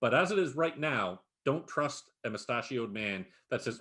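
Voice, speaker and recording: A man's voice: mid-range voice, moderate pace. A man co-hosting a podcast in casual chat, swearing freely and recapping a series with lots of energy. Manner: profane, animated recapping with frequent laughs. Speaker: podcast co-host.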